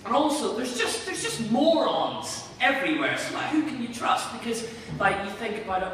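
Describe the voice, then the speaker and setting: A man's voice: sits high, animated, fairly quick, few pauses, fairly bright tone, a little hiss or hum. A young man with a Northern Irish accent doing a rambling, sardonic stand-up comedy set in a small venue. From Northern Ireland. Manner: rambling, self-deprecating, sardonic asides. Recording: distant mic, echoey hall, audience laughter.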